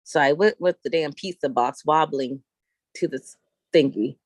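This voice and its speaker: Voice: medium pitch, moderate pace, breathy edge, no echo. A vlogger telling a long story in an exasperated, profane rant while walking around and filming on a handheld phone. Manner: profane, exasperated and blunt, rambling. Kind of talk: ranting vlog storytelling.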